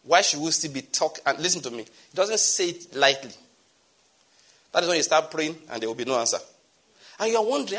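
A middle-aged man preaching a sermon as pastor, animated, swinging from loud exclamations to soft asides. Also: a little high, brisk, pauses often.

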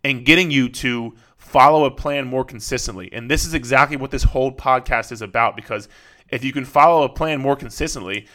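A man's voice: medium pitch, brisk, fairly bright tone. Male podcast host and coach, casual and profane, repeats points, mid-range voice. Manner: blunt, profane, repetitive coaching talk.

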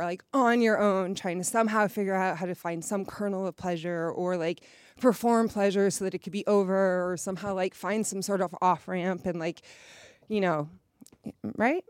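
A woman's voice: mid-range voice, normal speed, smooth. A frank, candid woman leads a live workshop, her voice carrying a slight nervous tremble. She talks to the group in a loose, conversational way, checking in often and laughing easily. The sound is dry and close, with little room echo. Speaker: workshop leader.

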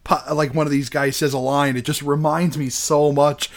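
A man's voice: on the high side, little pitch movement, moderate pace. A man hosting a casual movie podcast, laughing often and restarting his sentences. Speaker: podcast host. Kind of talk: casual chat about a movie.

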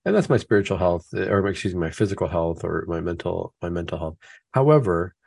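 Husky-voiced man, dry and close. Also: low-pitched, lively intonation, a little fast, a little mellow, no room sound. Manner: acts out imagined excuses in a raised voice; builds points through repeated questions. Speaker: host of a Catholic talk show. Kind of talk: conversational faith talk.

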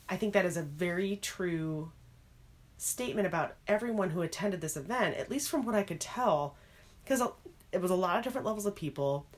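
A woman co-hosting a podcast in casual chat, animated and expressive, often slipping into other people's voices as she retells stories. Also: fairly low pitch.

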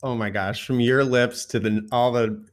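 An eager male podcast host in casual conversation with his guest. He gushes openly and often trails into quick asides, with a middling voice. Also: mid-range voice, steady tone. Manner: gushing, eager. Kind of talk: casual interview chat.

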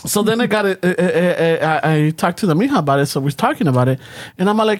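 Play a man chatting on a casual podcast, telling a story with plenty of animation. Keep the voice high for a man, drop into Spanish slang mid-sentence and swear freely. Give each quoted person a quick character voice. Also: animated.

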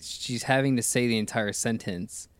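A man's voice: medium pitch, steady tone, normal speed, clean tone, no room sound. A man hosting a casual film commentary, enthusiastic and rambling, with many restarts. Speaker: podcast host.

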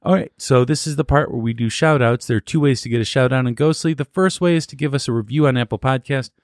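A man co-hosting a podcast in casual chat, with a teasing, deadpan humor. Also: mid-range voice, quick pace, no echo, studio quality. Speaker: podcast co-host.

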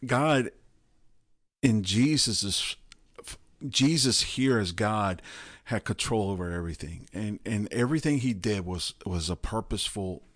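A lower-voiced man thinks aloud about a Bible passage in a podcast chat, often doubling back on his words. His voice is recorded dry and close, with no room sound. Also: unhurried, no echo. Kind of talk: casual Bible discussion.

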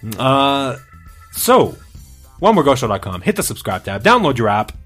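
A man hosting a podcast in loose, joking banter with friends. His pitch swings widely as he teases and laughs, and faint music plays behind him. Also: normal speed. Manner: laughing, teasing, lively. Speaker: podcast host. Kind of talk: casual banter.

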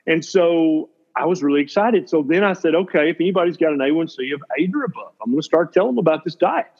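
A man's voice: a little high, animated, quick pace, darkish tone, husky. A man from Tennessee with a Southern accent, a doctor telling stories as a podcast guest in a blunt, folksy, plain-spoken way. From Tennessee, USA. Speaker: physician guest. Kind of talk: casual podcast storytelling. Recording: dull lo-fi podcast audio.

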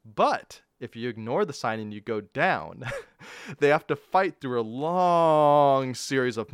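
Lively rambling podcast host man. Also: medium pitch, smooth, no room sound, clean studio sound. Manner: rambling, self-mocking, laughs often. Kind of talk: casual game review podcast.

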